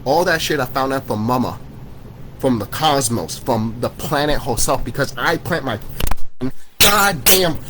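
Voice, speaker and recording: This is a medium-pitched male vlogger, recorded at low quality with a little hiss or hum. Furious and swearing constantly, he scolds his viewers in a conspiracy rant aimed at the camera, looping back on phrases and restarting sentences.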